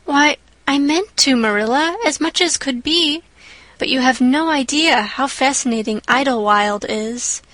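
A woman's voice: high-pitched, measured pace, fairly bright tone, no room sound. Anne Shirley, a woman doing a gushing girl. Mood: breathless pleading. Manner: breathless, gushing, rapturous. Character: chattering imaginative orphan girl, eleven, dreamy.

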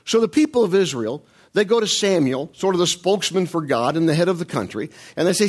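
A man preaching and retelling a Bible story in a conversational, animated way, jumping up in pitch and often restarting his words. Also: quick pace.

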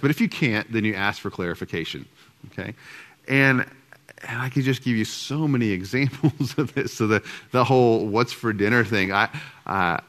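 A middle-aged man speaking to an audience as a marriage speaker, telling stories in an animated way and acting out both sides of remembered conversations. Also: lowish voice. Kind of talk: storytelling talk to a live audience.

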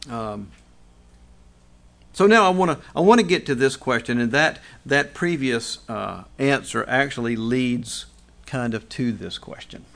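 A man's voice: mid-range voice, expressive, measured pace, vocal fry, fairly bright tone. A middle-aged pastor preaching a conversational sermon, asking rhetorical questions and restarting phrases as he goes.

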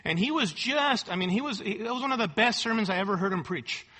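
Bright, high-voiced preaching man. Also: lively intonation, fast. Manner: emphatic, repeats key words, frequent rhetorical "right?". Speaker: pastor. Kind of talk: expository sermon. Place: church service.

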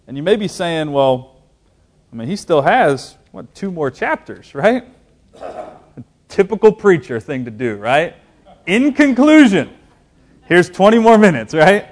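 Higher-voiced man preaching a sermon. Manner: animated preaching with scripture reading and humor. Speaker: pastor.

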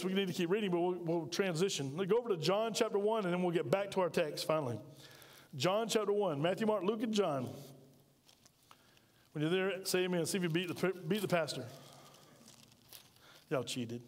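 A man preaching a sermon to his congregation, folksy and emphatic, asking the church questions as he reads scripture. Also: high-pitched. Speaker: pastor. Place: church sanctuary. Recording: long reverb of a church hall.

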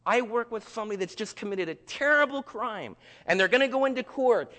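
A man preaching with a slightly raised pitch, his voice carrying a long reverb as in a church hall. He swings from loud outbursts to hushed, intimate tones and acts out the voices of churchgoers. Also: lively intonation, brisk, hardly any pauses. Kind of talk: sermon.

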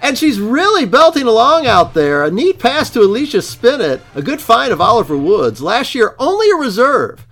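A man putting on a fake announcer voice to play an excitable young male school sports announcer calling a match play by play. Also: extremely high pitch, faint music behind, voice pushed up, full character voice. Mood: excited. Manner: rapid play-by-play calling, shouting at big moments.

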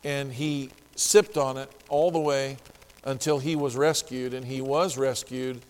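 A man telling a story in an earnest, spoken manner, rising to loud, emphatic quotes. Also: mid-range voice, fairly even intonation, measured pace, in a large hall. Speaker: ministry speaker telling a story.

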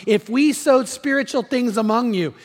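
A man's voice: very high-pitched, moderate pace, big-room sound. A man preaching a sermon as pastor, earnest and repetitive, asking his listeners rhetorical questions.

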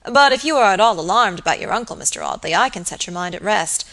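A woman voicing a quiet, proper male village surgeon who speaks politely and formally. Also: mid-range voice, lively intonation, fast talker, lightly acted.

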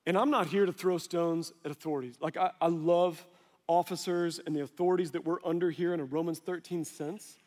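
A high-pitched male pastor in his forties tells stories from the pulpit and slips into the voices of the people in them. The sermon carries a long reverb, as if from a large sanctuary. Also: fairly even intonation, a little fast, darkish tone. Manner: storytelling, conversational, acts out dialogue.

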